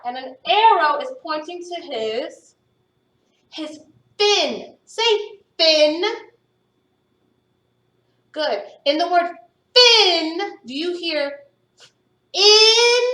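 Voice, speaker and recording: Patient woman phonics teacher, unhurried and encouraging, heard from a distance. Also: high voice, pushed and bright. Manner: patient, encouraging, sounds words out slowly. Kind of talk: phonics lesson to young students. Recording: echoey room, voice from a distance.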